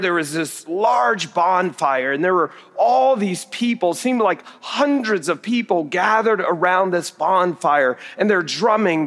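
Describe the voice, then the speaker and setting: A middle-aged male preacher with a fairly high voice, spinning a story with wry, self-deprecating humor. His words carry a long echo through a large hall. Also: fairly bright tone. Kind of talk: storytelling sermon. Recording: reverberant hall.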